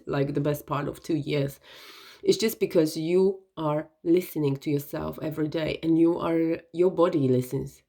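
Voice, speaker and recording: A woman giving an earnest, gentle self-help talk, often checking in with "right?" and "okay?". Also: low voice. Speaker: wellness vlogger.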